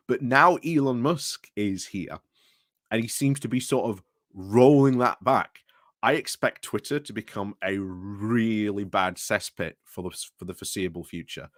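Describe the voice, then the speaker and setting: A man's voice: sits low, dry recording, studio quality. A British man hosting a casual livestream, rambling through commentary with restarts and greetings to chat, recorded indoors at home. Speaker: livestream host.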